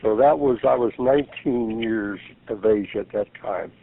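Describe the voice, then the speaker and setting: An older pastor in his seventies tells his story in earnest, acting out the voices of the people in it. His voice is gravelly and husky. He comes through a thin, tinny phone line. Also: fairly low pitch, measured pace, no echo. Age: 70s. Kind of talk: radio interview storytelling.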